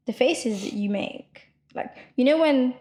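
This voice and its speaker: A young woman co-hosting a podcast, talking loudly and quickly in a rambling casual chat full of fillers. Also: sits high, animated. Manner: loud, fast rambling with many fillers. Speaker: podcast co-host.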